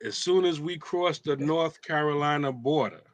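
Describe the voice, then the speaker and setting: A man hosting a casual talk show, telling teasing stories in an animated way. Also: a little high, moderate pace, no echo. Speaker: show host.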